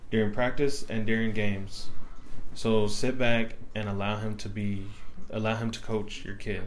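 A man's voice: mid-range voice, a little hiss or hum. A man talking as a guest on a casual podcast, earnest and opinionated, often restarting his phrases. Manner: earnest, opinionated, repeats himself while thinking.

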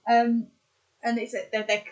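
A woman's voice: fairly high pitch, completely flat delivery, measured pace, a little mellow, lo-fi sound. A woman in casual podcast chat, running through examples with lots of fillers and restarts. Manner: chatty, lists examples with many fillers and restarts. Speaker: podcast co-host.

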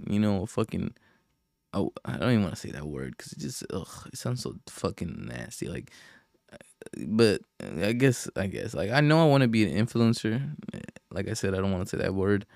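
A young man hosts a casual solo podcast, talking in a rambling, profane way with frequent sighs and fillers. His voice sits fairly low. The sound is dry and close, with no room echo. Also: big pitch swings, moderate pace, creaky, a little mellow. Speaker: podcast host.

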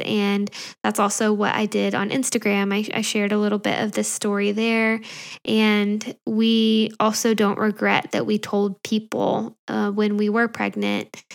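A young woman hosting a podcast, speaking candidly and tenderly, pausing often with small soft laughs. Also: medium pitch, gravelly. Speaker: podcast host. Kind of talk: personal podcast monologue.

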